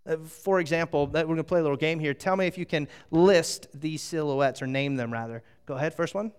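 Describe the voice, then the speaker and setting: A middle-aged man preaching with a fairly high voice. He tells stories with plenty of energy and draws his congregation in with questions. He speaks into a handheld microphone. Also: brisk, smooth. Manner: animated storytelling with audience interaction. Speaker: pastor. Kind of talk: sermon.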